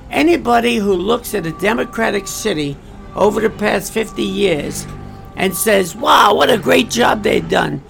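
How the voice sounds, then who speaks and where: This political commentary comes from a man whose voice sits high and sounds creaky. His monologue is emphatic and repetitive, peppered with rhetorical questions and asides aimed at his listeners.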